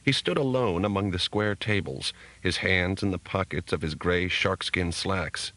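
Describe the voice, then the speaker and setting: A man narrating an audiobook in a measured, even storytelling manner. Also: deep voice, no echo, rough recording. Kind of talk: scripted narration.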